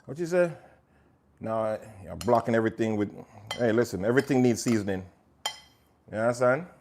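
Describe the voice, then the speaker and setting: A man's voice: mid-range voice, lively intonation, brisk, darkish tone, slight background noise. A man hosting a live cooking stream, chatting to viewers while he cooks and slipping into patois now and then. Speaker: cooking show host. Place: home kitchen.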